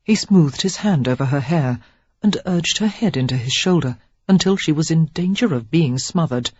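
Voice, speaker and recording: A woman narrating a romance novel in an expressive, measured reading. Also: sits low, breathy edge, dry recording. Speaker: audiobook narrator. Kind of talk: scripted narration. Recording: dull, dry audiobook recording.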